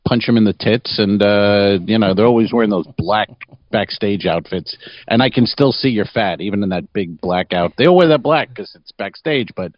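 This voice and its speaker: A man's voice: lowish voice, moderate pace, no room sound, lo-fi sound. A man hosting a comedy podcast, telling rambling crude stories and laughing often. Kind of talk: casual comedic storytelling.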